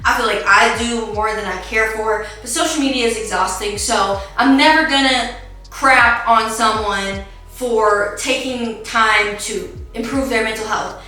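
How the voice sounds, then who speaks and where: A woman's voice: on the high side, unhurried, sharp tone, far from the mic. A woman hosting a podcast, giving sassy, jokey commentary with playful asides. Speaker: podcast host. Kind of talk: casual commentary. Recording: echoey room, faint music, off-mic.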